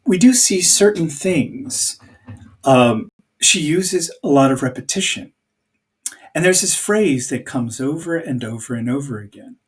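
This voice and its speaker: Male teacher, video lesson, slow and searching, chants the beat, a bit off-mic. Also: a little high, lively intonation, distant mic. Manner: thinking aloud, searching for words; chants meter aloud.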